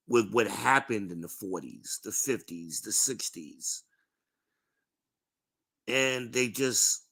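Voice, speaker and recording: Podcast host, man, middle-aged; slow, lecturing delivery, bright tone. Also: mid-range voice. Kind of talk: live-streamed podcast monologue.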